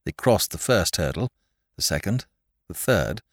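A man narrating a classic mystery novel in a lively, dramatic reading style. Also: low voice, unhurried, no room sound, studio quality. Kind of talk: audiobook narration.

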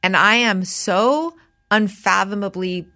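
A woman's voice: medium pitch, a little slow. A woman in her forties hosting a podcast, telling a story in casual chat and acting out what people said, swearing freely. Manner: animated storytelling, acts out quotes, swears freely. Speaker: podcast host.

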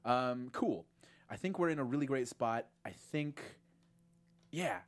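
A woman's voice: a bass voice, measured pace. A woman co-hosting a podcast, chatting casually about a show, acting out lines in voices with lots of fillers. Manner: animated, acts out quotes in voices, many fillers. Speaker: podcast co-host. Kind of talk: casual chat recapping a TV series.

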